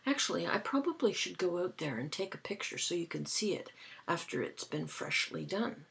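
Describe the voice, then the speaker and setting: A woman, casually telling stories to her camera in a dry, amused way, with soft breathy asides. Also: lowish voice, big pitch swings, moderate pace. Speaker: vlogger. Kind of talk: casual chatty storytelling to camera.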